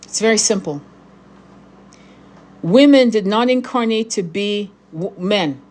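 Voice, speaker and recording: A woman's voice: medium pitch, a little slow, darkish tone, a little hiss or hum. A middle-aged woman, a tarot reader and spiritual guide, ranting angrily on a livestream and swearing often at her viewers. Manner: angry, profane and confrontational.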